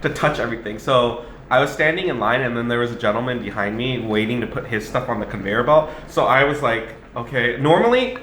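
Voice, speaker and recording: A man's voice: mid-range voice, animated, a little fast, few pauses, fairly bright tone. Chatty man in a roomy room. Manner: chatty storyteller, acts out own inner thoughts. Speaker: cooking channel co-host. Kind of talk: casual chat while cooking and eating. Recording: roomy echo, faint background noise.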